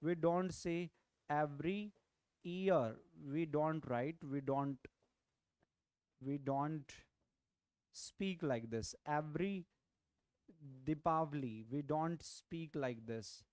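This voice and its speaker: In an online exam-prep lecture, a man with an Indian English accent teaches vocabulary slowly, pausing often, in a fairly high, slightly mellow voice that is clear and resonant with no room sound. He frequently repeats key phrases and checks in by asking "right?"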